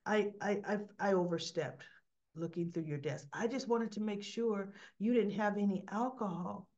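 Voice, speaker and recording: A jittery, stammering man who keeps pleading his case, as a woman puts him on while retelling a soap. His lines rise a little higher than the telling around them. The recording sounds slightly dull. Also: normal speed, darkish tone, close to an everyday voice. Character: Seth, a nervous relapsing man, stammering.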